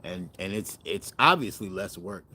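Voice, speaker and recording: A man's voice: sits low, normal speed. Rambling middle-aged man chatting to viewers. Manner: rambling, self-correcting, animated storytelling. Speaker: cooking channel host. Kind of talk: casual chat to viewers.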